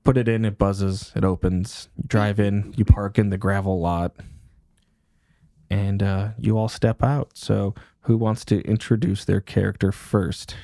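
A man's voice: fairly low pitch, level tone, unhurried, mellow, no echo, studio quality. A man running a tabletop game as game master, narrating scenes with joking banter.

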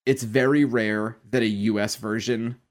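A man co-hosting a podcast, talking casually and with animated profanity, dropping into quotes. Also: on the low side, a little slow. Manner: animated, profane, quotes films in silly voices. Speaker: podcast co-host. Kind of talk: casual chat.

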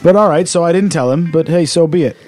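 Chatty man, a bit high. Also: quick pace, darkish tone, faint music behind. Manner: loose, sweary, chatty. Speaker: podcast co-host. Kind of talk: casual chat.

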